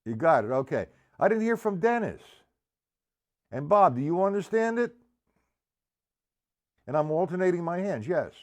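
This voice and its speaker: Indoors at a drum studio, a man with a fairly high, very animated voice teaches a live-streamed drum lesson at a moderate pace, leaving long pauses. He counts beats out loud and calls on students by name, captured on a live stream mic with drums playing behind him.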